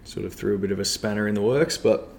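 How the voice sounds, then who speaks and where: A man, a club cricketer talking casually in an interview, relaxed and rambling with lots of fillers. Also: on the low side, quick pace.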